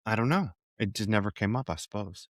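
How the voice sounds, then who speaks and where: A man's voice: lowish voice, a little fast, no echo, studio quality. A man co-hosting a podcast, talking casually about a film, swearing freely and slipping into bits of other voices. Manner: animated, swears casually, drops into impressions. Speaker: podcast co-host. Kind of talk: casual movie chat.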